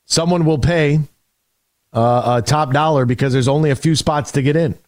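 A man's voice: fairly high pitch, normal speed, darkish tone, dry recording, studio quality. A man hosting a sports radio show in a casual, emphatic style, often restarting his sentences. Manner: conversational, emphatic, frequent restarts.

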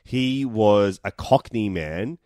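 A man's voice: on the low side, lively intonation, takes it slowly, mellow, dry recording, clean studio sound. A man co-hosting a podcast, chatting casually about an old film in a rambling, crude, jokey way. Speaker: podcast co-host.

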